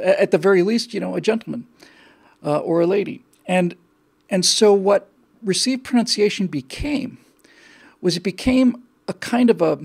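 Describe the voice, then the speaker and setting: Gravelly man, rambling monologue. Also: high-pitched, darkish tone. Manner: rambling, with frequent restarts and repeated words. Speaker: show host. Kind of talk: casual monologue.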